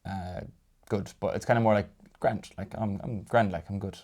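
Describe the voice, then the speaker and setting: An Irish man teaching Irish phrases in a relaxed chat, explaining slowly with fillers and restarts. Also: lowish voice. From Ireland. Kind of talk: casual language lesson.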